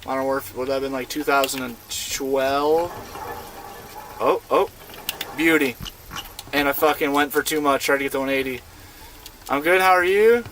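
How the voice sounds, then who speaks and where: A man's voice: mid-range voice, moderate pace, long pauses, fairly bright tone, a little hiss or hum. A young man in his twenties, streaming a game and chatting with his viewers in a laid-back, slangy way from inside a van. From United States. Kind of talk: casual live-stream gaming chat.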